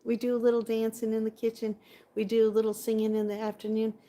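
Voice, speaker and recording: A woman's voice: fairly high pitch, completely flat delivery, quick pace, warm tone. Bubbly woman chatting on a phone. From California. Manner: bubbly, chatty, answers viewers. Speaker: vlogger. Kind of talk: casual live-stream chat. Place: home indoors by a window.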